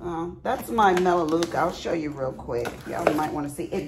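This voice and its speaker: A woman's voice: deep voice, lively intonation, moderate pace, background noise. A middle-aged woman, chatting casually to viewers in a craft haul vlog at home, folksy and chatty. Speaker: crafting vlogger. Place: at home, bedroom.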